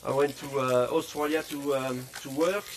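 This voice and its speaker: A middle-aged man from France explaining a dish at a festival cooking demonstration, with many halting restarts and repeated words and dry jokes. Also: a little high, steady tone, recorded from a distance, a little hiss or hum, low-quality recording. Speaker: chef.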